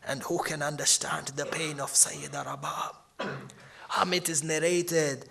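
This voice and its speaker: A man's voice: on the high side, fairly even intonation, unhurried, gravelly. A man giving a mournful sermon, mixing Arabic religious terms into his English and swelling into lamenting cries. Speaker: shaikh giving a Muharram lecture.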